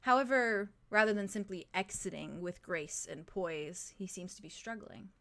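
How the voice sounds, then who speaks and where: A woman as game master narrating a tabletop game, halting and full of fillers. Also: mid-range voice, creaky, sharp tone.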